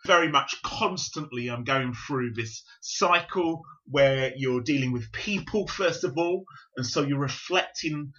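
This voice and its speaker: London man in his fifties, bright forceful voice, measured reflective talk, dull lo-fi sound. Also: a little high. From South London, England. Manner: measured, reflective explaining with frequent fillers. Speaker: Pentecostal bishop, guest. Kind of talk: podcast interview. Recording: dull lo-fi recording.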